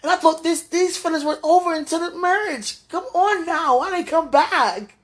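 High-voiced woman praying through tears. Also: moderate pace. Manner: pleading, talking to God aloud. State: tearful, voice breaking. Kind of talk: emotional spoken prayer.

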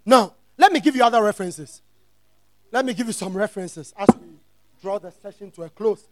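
A man preaching a teaching sermon. He repeats his phrases, checks that the congregation is following, and rises into shouted, sing-song emphasis. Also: high-pitched, fairly quick, dry recording. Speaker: pastor.

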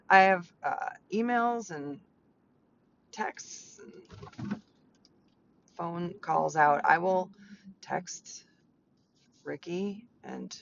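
A woman's voice: sits low, creaky. Chatty middle-aged woman podcaster, lo-fi. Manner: chatty, rambling, lots of fillers. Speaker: podcast host, clarity coach. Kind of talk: casual personal monologue. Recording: slightly dull lo-fi sound with faint noise.

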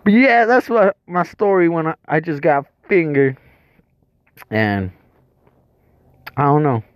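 A man's voice: medium pitch, no echo. A man telling a crude comic story in a rambling, profane way, chuckling between lines. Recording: dull lo-fi dry recording.

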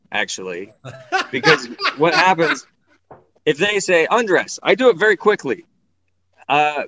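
A man performing a stand-up comedy set, telling a story in an animated way and acting out the voices of the people in it. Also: medium pitch, no echo, low-quality recording.

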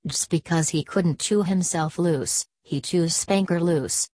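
A woman's voice: on the low side, a little slow, warm tone, no room sound, studio quality. A woman voicing a gloomy, stubborn male frontier trapper who grumbles in backwoods dialect. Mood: grumbling.

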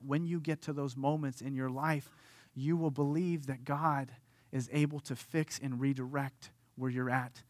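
A man in his thirties preaching a sermon as pastor, earnest, moving from hushed lines to animated storytelling. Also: mid-range voice, dry recording.

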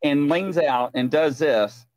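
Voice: mid-range voice, takes it slowly, no echo. A co-host telling stories in casual chat and acting out what others said. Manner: animated storyteller, acts out quotes.

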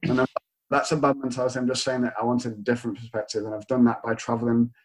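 Twenties guy w/ a greater manchester accent, rambly storytelling, mid pitch, chatty. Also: flat delivery, fast talker, low-quality recording. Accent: Northern English, Greater Manchester. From England. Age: 20s. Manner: rambling storyteller, acts out quotes. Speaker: stand-up comedian. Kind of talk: casual chat.

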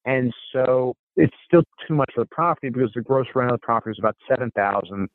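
A man's voice: medium pitch, quick pace, dry recording. Male investor guest, casual anecdote delivery with quoted lines, heard through a thin, dry phone-style signal. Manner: recounts dialogue in quoted snippets, frequent restarts. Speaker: podcast guest, real estate investor. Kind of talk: conversational storytelling. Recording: phone-like narrow sound, dry.

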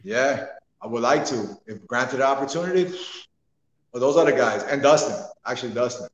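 A man's voice: medium pitch, moderate pace, muffled recording. A man, a wrestler, chatting casually on a podcast and telling stories animatedly, laughing often. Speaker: wrestler guest. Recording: echoey room with long reverb.

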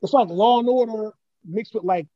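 Co-host, male, high voice, quick rambling delivery, dry dull lo-fi sound. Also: no echo. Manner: rambling slangy storytelling with many fillers. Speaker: podcast co-host. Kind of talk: casual chat.

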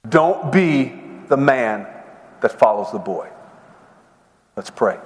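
Animated male preacher in a reverberant hall. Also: mid-range voice. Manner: animated storytelling, dramatic pauses. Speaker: men's seminar speaker. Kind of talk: sermon with storytelling.

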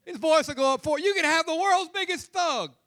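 A man's voice: very high-pitched, fairly quick, bright, forceful tone. A man preaching a humorous, conversational sermon as pastor in a church. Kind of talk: lively sermon. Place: church sanctuary.

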